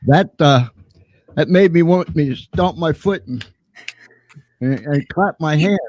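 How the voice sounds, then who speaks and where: A man's voice: on the high side, unhurried, darkish tone, dry recording. A man hosting a casual talk show, hesitant, with many restarts. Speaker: host.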